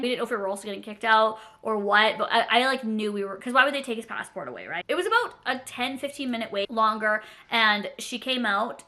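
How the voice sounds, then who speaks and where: A young adult woman telling a story in a casual vlog, rambling and animated, with lots of "like" fillers. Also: a little high. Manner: chatty, rambling, many "like" fillers; animated and self-deprecating. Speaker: storytime vlogger.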